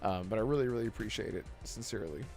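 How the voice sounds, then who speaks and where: A man's voice: on the low side, expressive, racing, music in the background. A man hosting a casual gaming podcast, upbeat and laughing often as he thanks his chat. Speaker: podcast host.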